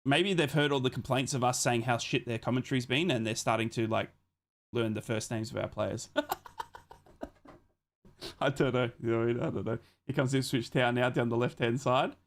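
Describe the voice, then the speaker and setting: An Australian man hosting a live football watch-along. He talks to his viewers in a chatty, excitable way, swears casually and calls the match as it happens. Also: medium pitch. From Australia, born in Adelaide. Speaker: live stream host.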